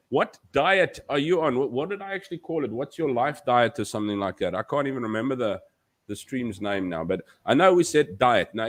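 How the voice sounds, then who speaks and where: A man's voice: mid-range voice, a bit bright. A man hosting a live stream, chatting casually, rambling and joking as he reads out the chat.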